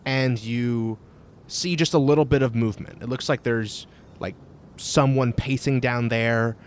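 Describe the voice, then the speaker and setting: Halting male game master. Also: medium pitch, fairly even intonation, slight background noise. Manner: halting, with many fillers. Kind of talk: narrating a tabletop game.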